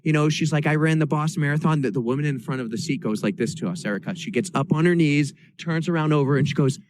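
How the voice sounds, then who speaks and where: A man from New Hampshire co-hosting a podcast, telling a story in a lively, self-mocking way and acting out the quotes. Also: a little high, fast, background noise. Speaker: podcast co-host. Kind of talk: casual storytelling chat.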